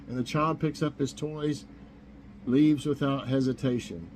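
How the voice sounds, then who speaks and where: A man's voice: medium pitch, steady tone, measured pace, darkish tone, slight background noise, poor audio. Rambling man hosting a chat show. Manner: rambling, chuckles at his own jokes. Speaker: host of a morning chat show. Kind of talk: casual chat. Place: home kitchen.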